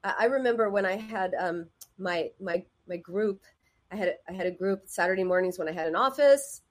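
Husky-voiced woman therapist. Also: mid-range voice, fairly quick. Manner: conversational, acts out quoted voices. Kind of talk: casual advice talk.

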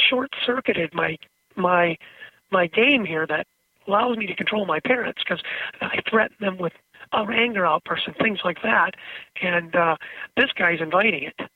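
A man's voice: high voice, unhurried, no echo, recorded from a distance. A man speaking as a therapist guest on a radio show, explaining his work with kids through stories. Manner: explanatory, storytelling with acted-out quotes. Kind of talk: phone-in radio interview. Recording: tinny, husky phone line.

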